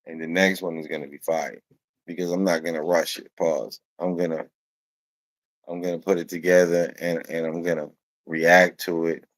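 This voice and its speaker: A man's voice: low-pitched, level tone, normal speed, dry recording. A man hosting a casual podcast, telling stories in a loose, profane, laughing way. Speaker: podcast host.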